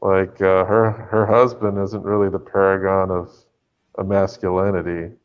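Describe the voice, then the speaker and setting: A man's voice: low-pitched, level tone, clean tone, muffled recording. A man co-hosting a podcast in casual chat, joking and bantering. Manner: joking, banter-heavy, quick laughs. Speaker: podcast co-host.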